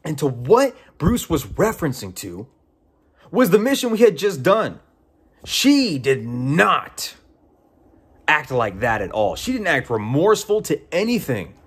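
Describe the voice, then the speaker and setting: A man's voice: on the high side, sing-song, a little slow, fairly bright tone, husky. A young man giving casual game commentary, exasperated and profane, often incredulous. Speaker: game reviewer.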